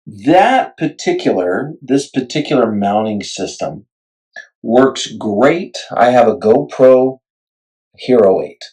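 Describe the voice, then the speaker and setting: A middle-aged man casually vlogging about camera gear, chatty and self-deprecating, retelling his excitement, on a clip-on mic. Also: medium pitch, slow pace, poor audio. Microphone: wireless clip-on mic.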